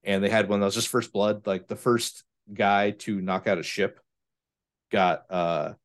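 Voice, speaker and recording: A man's voice: on the low side, a little slow. A man hosting a tabletop gaming podcast, telling stories casually and with lots of fillers and restarts. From US East Coast. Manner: rambling, animated storytelling with many fillers. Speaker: podcast host. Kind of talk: casual chat.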